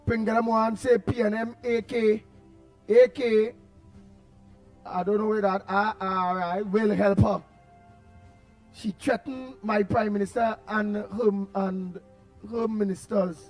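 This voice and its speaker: A man with a Trinidadian accent hosting a casual call-in radio show, excitable and repeating his words as he reads out listener messages. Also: high-pitched, takes it slowly, pauses often, soft background music.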